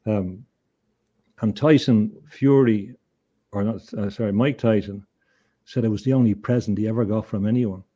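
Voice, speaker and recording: A man, a guest on an interview show, telling a story in an earnest, halting way, often repeating words as he thinks. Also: on the low side, steady tone, mellow, dull audio. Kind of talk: conversational storytelling.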